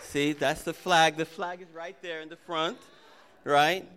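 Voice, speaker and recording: A man with a high-pitched voice, raised in Jamaica and Trinidad, leads a church welcome as its pastor. He speaks slowly and earnestly, in a conversational way, as he shares announcements with the congregation. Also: steady tone, fairly bright tone, some chatter behind, a little hiss or hum.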